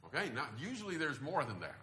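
Middle-aged male preacher, lively delivery, bright voice, echoey church hall. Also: on the high side, fast. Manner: animated storytelling with sudden loud bursts. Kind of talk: sermon. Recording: echoey room.

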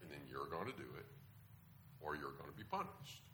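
A man voicing a calm, firm mother who quietly explains new rules to her son, in a measured way. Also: extremely low pitch, reverberant, background noise, voice pushed down.

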